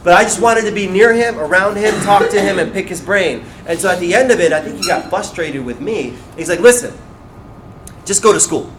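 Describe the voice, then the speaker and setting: A man's voice: sits high, brisk, few pauses, a bit bright, slight background noise. A man giving a live talk at a beauty school, telling a story and acting out the people in it, with lots of "like" fillers. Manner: acts out quoted dialogue, many fillers like "like". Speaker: guest speaker at a beauty school. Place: school hall, live audience.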